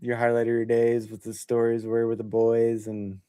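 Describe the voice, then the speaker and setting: A man chatting casually on a podcast in a relaxed, easygoing way, swearing offhandedly. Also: medium pitch, moderate pace, smooth, dry recording. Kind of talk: casual chat.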